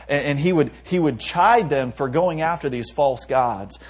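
A man's voice: fairly high pitch, unhurried, breathy edge. A young man, a pastor, preaching a conversational sermon with frequent restarts and light laughs. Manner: conversational preaching with stumbles and self-amused laughs.

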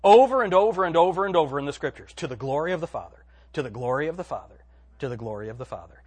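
Lively, husky-voiced male preacher. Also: a little high. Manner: dramatic swings from hushed to loud, drawn-out emphasis. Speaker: pastor. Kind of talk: sermon.

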